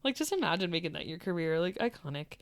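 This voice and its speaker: A woman's voice: lowish voice, quick pace. A bubbly woman co-hosting a podcast in casual chat, her voice swinging up and down with lots of life and frequent laughs. It sounds close and dry, with no room echo. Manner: bubbly, laughs often, animated storytelling. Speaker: podcast co-host.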